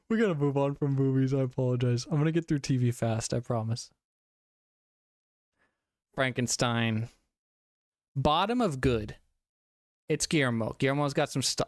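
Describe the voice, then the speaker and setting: A man's voice: medium pitch, no room sound, clean studio sound. A young man streaming a casual movie review, a little tipsy from drinking, rambling and swearing with frequent laughs. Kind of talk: casual live-stream chat.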